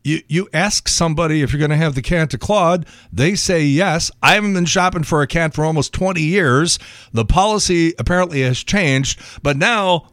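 A middle-aged man telling a long story in a monologue, indignant and animated, acting out both sides of an argument. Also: fairly high pitch, normal speed, no room sound, studio quality. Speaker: podcast host.

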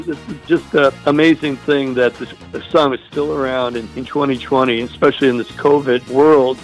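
An older man from the Chicago area, a musician guest telling an animated anecdote in an interview. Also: medium pitch, low-quality recording. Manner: lively, animated anecdote with impressions. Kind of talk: storytelling in an interview clip.

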